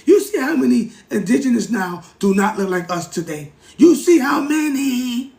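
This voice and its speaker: A man hosting a livestream, lecturing in a casual, animated way, repeating himself and talking straight to his chat. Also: very high-pitched, moderate pace, gravelly, echoey room. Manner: animated, repetitive, keeps addressing the chat. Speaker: livestream host.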